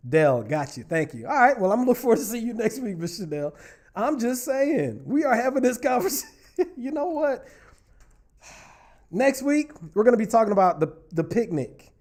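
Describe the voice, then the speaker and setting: In a sing-song, extremely high, slightly mellow voice at normal speed, a man hosts a relationship talk show. He casually reads viewer comments on a livestream, playfully teasing and addressing his audience directly.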